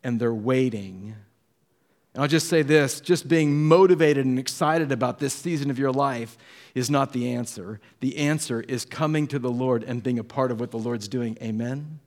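A man preaching a sermon as a pastor, telling stories with acted-out quotes, moving between hushed and animated delivery. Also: medium pitch, normal speed.

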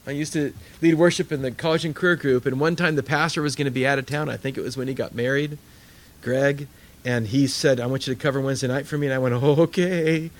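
An older man preaching a sermon, telling stories animatedly and acting out voices. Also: fairly high pitch. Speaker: pastor.

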